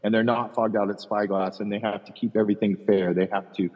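A man co-hosting a podcast, telling animated, profane golf stories in casual chat. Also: fairly low pitch, fast talker. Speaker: podcast co-host. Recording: dull, roomy with long echo.

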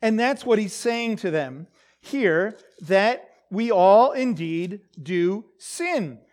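An animated teacher whose pitch rises and falls all through the lesson. Scripture is read aloud and then unpacked with firm emphasis. Frequent "right?" and "okay?" check-ins keep the listeners engaged. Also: slow pace. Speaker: Bible teacher. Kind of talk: verse-by-verse Bible teaching.

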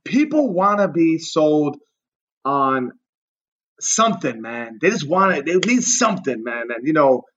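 A man's voice: a little high, measured pace, highs cut off. A man, a podcast guest, telling comedic stories in a casual, profane way and acting out the people in them. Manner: animated, profane, acts out the people in his stories.

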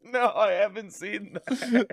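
Excitable laughing high-voiced guy. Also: slow. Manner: laughs often, excitable, repeats words. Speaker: podcast co-host. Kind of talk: casual chat.

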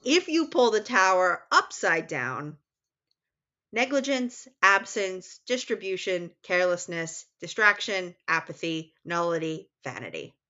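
A woman with a New York accent co-hosting a podcast, explaining a novel in an animated, explanatory way and laughing at her own slips. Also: fairly low pitch, unhurried, lo-fi sound. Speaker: podcast co-host. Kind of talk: casual literary discussion.

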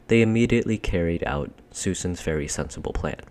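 A man reading a children's storybook aloud in a measured, expressive narration. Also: deep voice. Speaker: audiobook reader.

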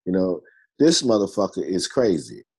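Low husky man, blunt and plain-spoken. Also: lively intonation, normal speed, a little mellow. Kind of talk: casual group chat.

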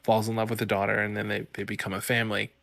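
A man's voice: fairly low pitch, level tone, very fast, creaky, a bit bright, dry recording, studio quality. Male podcast co-host, loose rambling storyteller, casual and chatty. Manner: rambling, full of "like" and "you know" fillers. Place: home studio.

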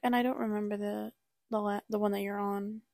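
A woman's voice: mid-range voice, little pitch movement, a little fast, vocal fry, a little mellow, dry recording, studio quality. A woman co-hosting a casual book podcast, adding hesitant comments full of "like" and "um". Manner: hesitant, filler-laden comments. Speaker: podcast co-host.

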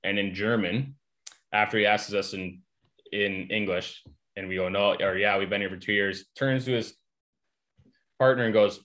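A man's voice: lowish voice, moderate pace, long pauses. A young adult man, a guest in a casual chat, telling stories with lots of fillers. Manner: relaxed, filler-heavy storytelling. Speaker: guest, hockey player.

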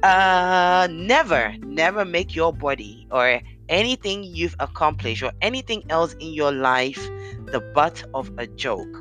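A podcast host with a deep, commanding voice, giving an earnest, encouraging motivational talk straight to listeners. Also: animated, measured pace, fairly bright tone, soft background music.

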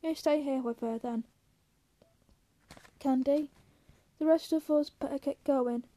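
A woman reading the lines of a calm, steady ranch man who speaks quietly and evenly in a storybook reading. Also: high voice. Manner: quiet, measured.

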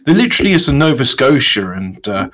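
A man's voice: mid-range voice, sing-song, fairly quick, a bit bright. A man co-hosting a casual podcast, rambling and stammering as he restarts sentences. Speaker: podcast co-host. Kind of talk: casual banter.

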